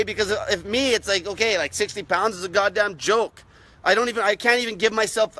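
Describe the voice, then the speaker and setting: A man's voice: high-pitched, bright, forceful tone, no room sound. A young man ranting to camera about dieting, blunt and aggressive, swearing constantly. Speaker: diet channel host. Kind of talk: profane rant to camera.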